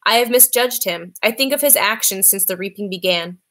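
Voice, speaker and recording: A woman reading a novel aloud in a steady, clear voice. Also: medium pitch, brisk. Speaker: reader.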